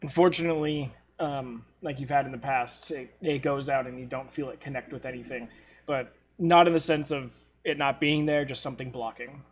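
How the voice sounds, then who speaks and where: A man with a mid-range voice running a live tabletop game as game master. He reacts casually and quickly, and he laughs easily at the players' jokes. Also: mid-range voice, fairly even intonation, breathy edge.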